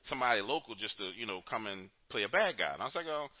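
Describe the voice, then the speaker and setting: A man's voice: on the low side, lively intonation, rapid-fire, muffled recording. A man hosting a call-in show, telling stories in loose, profane casual chat and laughing often. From New Orleans, Louisiana.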